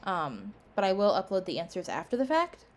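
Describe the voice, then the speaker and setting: Her medium-pitched voice swings hugely in pitch and moves fairly quickly as this college instructor delivers casual announcements to her class. She's tired and yawning, peppering everything with "um" and "like."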